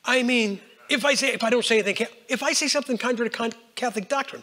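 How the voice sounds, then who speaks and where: An older man preaching a folksy storytelling sermon, swinging between hushed lines and loud bursts. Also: extremely high pitch, racing, few pauses. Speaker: Baptist preacher.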